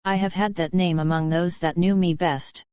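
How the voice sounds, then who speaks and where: A woman reading the lines of a cool-headed young male outlaw who answers with quick, dignified defiance, in a dull lo-fi recording. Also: on the low side, fairly even intonation, a little mellow, clear, resonant tone, no echo, close to an everyday voice.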